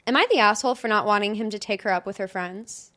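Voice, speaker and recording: A woman's voice: mid-range voice, fast talker, pushed and bright. A young woman co-hosting a casual podcast, reading stories aloud in a chatty way and laughing often. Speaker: podcast co-host.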